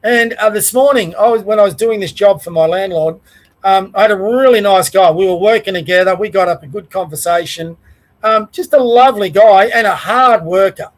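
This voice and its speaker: A middle-aged Australian man hosts his own show, talking in a rambling, conversational way. His voice sits fairly high for a man. He speaks plainly and stops now and then to correct himself. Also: fairly quick, low-quality recording. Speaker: podcast host. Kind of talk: casual political rant.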